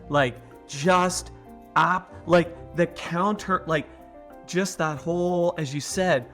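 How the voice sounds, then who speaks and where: A man's voice: on the high side, slow pace, fairly bright tone, soft background music. A man co-hosting an advertising podcast, chatting casually and stressing his points. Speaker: podcast co-host, advertising consultant. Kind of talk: casual chat.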